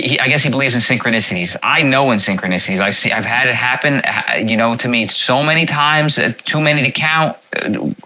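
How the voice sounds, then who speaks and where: A man hosting his own livestream talks in a loose, rambling way, full of fillers, restarts and repeated words. His voice is bright and forward. He sits at a middle pitch for a man. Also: poor audio. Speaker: livestream host. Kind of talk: casual livestream chat.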